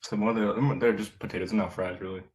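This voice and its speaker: A young man chats casually on a video call, rambling a bit and groping for the right words as he goes. His voice sits on the lower side. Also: flat delivery, quick pace, a little mellow, poor audio. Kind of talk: casual chat.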